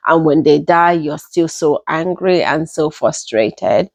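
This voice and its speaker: A young woman with a Nigerian accent telling a personal story in an unhurried, casual way, often repeating herself as she goes. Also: low-pitched, animated, creaky, a little mellow, no room sound. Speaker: storytelling vlogger.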